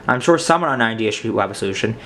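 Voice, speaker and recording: A glamorous soap-opera diva, as a male reader puts her on sweeps in with a fake posh English accent. She is theatrical and gushing, and her voice swoops up high. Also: expressive, racing, a bit bright, slight background noise.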